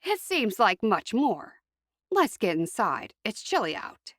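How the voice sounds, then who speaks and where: A woman voicing a gentle, weary Amish mother. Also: medium pitch, very animated, slow pace, no room sound, clean studio sound, exaggerated voice.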